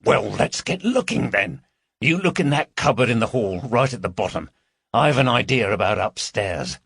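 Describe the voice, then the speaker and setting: Guy voicing an impatient sweary burglar, snappy, gravelly, dry close sound. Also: mid-range voice, sing-song, moderate pace, fairly bright tone, no room sound, exaggerated voice. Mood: hushed.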